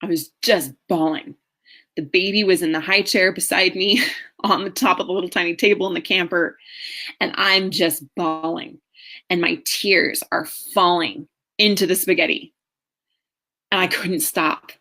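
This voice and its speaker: A woman's voice: fairly low pitch, steady tone, sharp tone. Earnest woman telling a personal story. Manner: emotional, earnest storytelling with slow pauses. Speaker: marriage coach.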